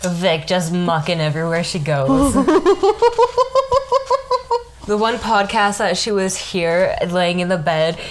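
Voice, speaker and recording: A young woman co-hosting a casual podcast, relaxed, laughing often and swearing casually. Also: fairly low pitch, slow pace, pauses often, a little hiss or hum. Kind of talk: casual chat.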